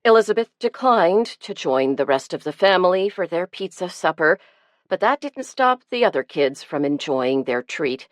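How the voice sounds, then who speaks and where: A woman with a lowish voice reads a cozy novel in a measured, gentle way. The recording is dry and close, as from a studio booth. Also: animated, no echo. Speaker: audiobook narrator. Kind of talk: scripted narration.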